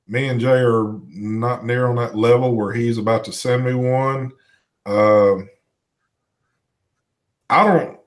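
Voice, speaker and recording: A relaxed man with a twang co-hosts a casual live stream, talking loosely and reading viewer messages aloud. His voice sits at an ordinary middle pitch, and his talk is easygoing, with a mild curse here and there. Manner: laid-back, swears casually, reads chat aloud. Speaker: co-host of a vaping live show.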